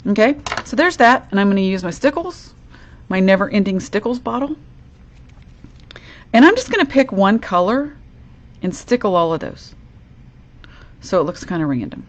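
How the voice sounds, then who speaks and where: A woman walks viewers through a craft project at her desk, chatty and upbeat. Her pitch sits in a middle range for a woman, and she speaks to the audience directly, step by step. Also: big pitch swings, normal speed, long pauses, dull audio. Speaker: crafting demonstrator. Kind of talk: live crafting demo.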